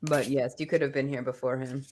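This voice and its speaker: A woman's voice: extremely low pitch, fairly even intonation, brisk, heavy background noise. A woman co-hosting a livestream, chatty and playful as she thanks viewers on a video call. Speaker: co-host. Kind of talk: casual livestream chat.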